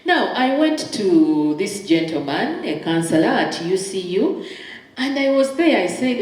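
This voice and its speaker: A woman's voice: mid-range voice, sing-song, a little slow, a little mellow. A middle-aged woman, a counseling psychologist giving emphatic parenting advice and acting out little dialogues. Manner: emphatic, acts out short dialogues. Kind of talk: conversational advice talk. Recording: very echoey room.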